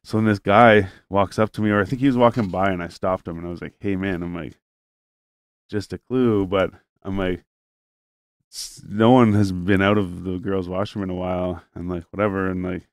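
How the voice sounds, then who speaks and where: A man's voice: sits low, steady tone, normal speed, no room sound, studio quality. A man in casual chat, telling a long story with lots of fillers, swearing, and acted-out lines from other people. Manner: rambling, heavy on fillers and swearing.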